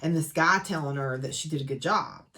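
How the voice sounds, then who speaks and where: A woman's voice: low-pitched, fairly quick, pushed and bright. A woman gives a casual, chatty book recap full of dramatic asides. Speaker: book reviewer.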